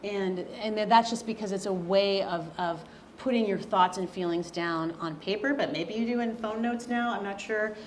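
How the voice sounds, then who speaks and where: A woman speaks at a middle pitch, animated and chatty, answering questions after her lecture. The hall around her mic rings with echo, and a faint hum sits underneath. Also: normal speed. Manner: chatty, animated, laughs easily. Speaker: author and guest speaker. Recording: echoey hall.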